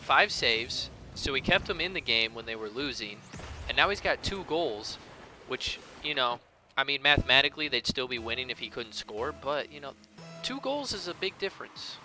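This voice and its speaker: Bright laid-back male co-caster. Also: medium pitch, sing-song, moderate pace, faint music behind. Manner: laid-back, playful analysis. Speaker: esports co-caster. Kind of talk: casual game commentary.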